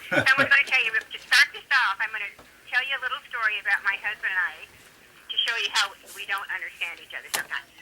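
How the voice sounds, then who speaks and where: A woman's voice: medium pitch, fast talker, a crowd in the background, low-quality recording. A woman calling in to a radio talk show over the phone, chatting and telling stories as she gives advice and asks rhetorical questions. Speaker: radio guest.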